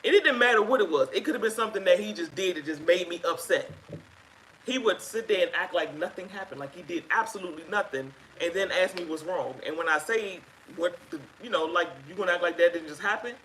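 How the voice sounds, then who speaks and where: A woman sharing her own experience as a guest on a live chat, telling it in an emphatic, animated way. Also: lowish voice, fast, a little hiss or hum, poor audio. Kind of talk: casual live-stream chat.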